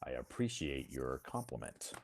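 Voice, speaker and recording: An American man hosting a casual chat, talking in a friendly, slow way and repeating things back to make them clear. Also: a bass voice, very animated, a little hiss or hum. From United States. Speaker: host.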